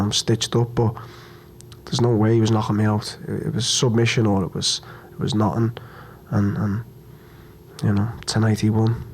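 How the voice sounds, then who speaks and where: With a little background noise in the clip, a young man whose voice sits on the low side answers questions at a post-fight press conference. He's upset and hurt over losing, blunt and sweary, stumbling over words, repeating himself and restarting in halting fits.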